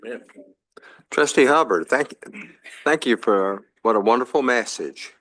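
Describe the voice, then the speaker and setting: A man's voice: medium pitch, a little slow, fairly bright tone. A man presiding over a formal board meeting, calling motions and votes in set phrases with small fillers.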